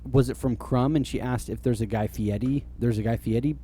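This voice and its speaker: A man's voice: mid-range voice, fairly even intonation, fairly quick, mellow, slight background noise. A man co-hosting a podcast in easygoing casual chat, often murmuring agreement. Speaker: podcast co-host.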